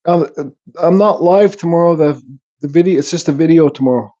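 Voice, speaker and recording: A man's voice: a little high, fairly quick, muffled recording. A man hosting a casual livestream, chatting easily and reading out viewers' comments while he works in his home workshop. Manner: relaxed, reads chat comments aloud, mumbles. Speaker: livestream host.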